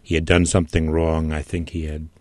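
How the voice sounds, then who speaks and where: A man as a radio guest, talking through a novel in a measured way while searching for words. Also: very deep voice, completely flat delivery, a little mellow, no echo. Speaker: studio guest. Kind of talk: literary discussion on radio.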